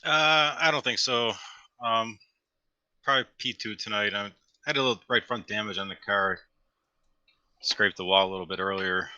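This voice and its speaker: A man who is a sim racing driver, answering post-race questions modestly and haltingly, full of "you know" fillers. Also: on the low side, bright, forceful tone, smooth, no room sound, muffled recording.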